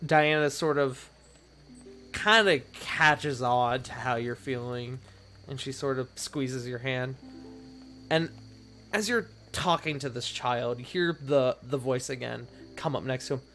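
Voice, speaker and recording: A man's voice: mid-range voice, unhurried, pushed and bright, soft background music. A man narrating a tabletop game as game master, in loose, rambling narration with frequent restarts.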